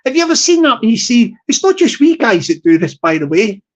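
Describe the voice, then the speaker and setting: A man's voice: very high voice, sing-song, a little fast, muffled recording. A young man hosting a live stream, telling a rambling comic story with lots of restarts and asides.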